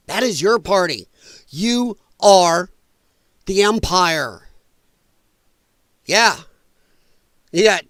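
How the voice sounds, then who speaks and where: A man with a fairly high voice runs his own live commentary stream, heated and mocking as he rants. The sound is dry and close, with no room around him. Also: a bit bright, dry recording. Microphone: headphones and desk mic.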